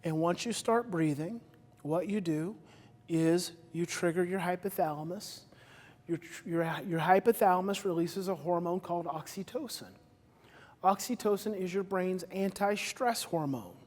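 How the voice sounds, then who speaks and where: A man giving a live talk to an audience, energetic and repetitive, with loud emphatic bursts. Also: sits high, normal speed. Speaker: speaker on stage. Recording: reverberant hall.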